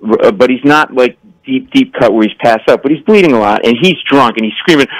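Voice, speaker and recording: A middle-aged man, a comedian guest, telling animated stories in a radio interview and acting out people in voices. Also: medium pitch, a little fast, hardly any pauses, no echo, rough recording. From New York area. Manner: acts out characters in voices, laughing often. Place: radio studio.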